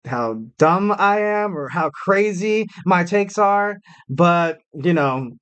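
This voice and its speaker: A man's voice: sits high, expressive, slow pace, fairly bright tone, clear, resonant tone. Chatty man hosting a wrestling podcast. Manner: chatty, many fillers and restarts, jokey self-mockery. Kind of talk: casual podcast commentary.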